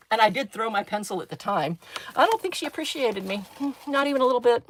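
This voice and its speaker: A woman's voice: fairly high pitch, animated, fast talker, slight background noise, rough recording. Chatty, dry-witted middle-aged woman. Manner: dry sarcastic storytelling, chatty and talkative. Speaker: craft channel host, former chemistry teacher. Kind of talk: chatty crafting livestream.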